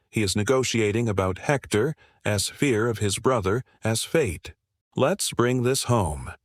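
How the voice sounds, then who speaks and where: A man giving scripted narration in a measured, confident storytelling manner, asking the listener rhetorical questions. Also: medium pitch, no echo, studio quality.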